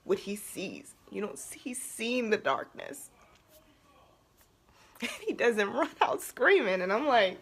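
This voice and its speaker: Woman vlogger, husky voice, confessional and raw, halting delivery veering from nervous laughs to near tears. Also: mid-range voice, very animated, a bit bright. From Baltimore area, USA. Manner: emotional, halting, shifts between laughter and tears. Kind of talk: personal confessional vlog.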